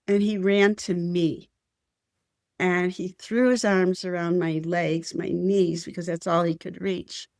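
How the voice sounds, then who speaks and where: A woman's voice: on the low side, flat delivery, slow pace, a little mellow, dry recording, studio quality. An older woman telling a personal spiritual story as an interview guest, earnest and heartfelt.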